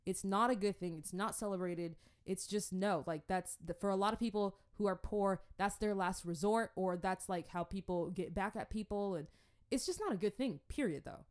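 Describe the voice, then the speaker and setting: A young woman from the Congo telling stories in a casual, playful way. She is animated and often slips into acted-out voices. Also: medium pitch, moderate pace. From Democratic Republic of the Congo. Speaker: vlogger. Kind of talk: casual storytelling commentary.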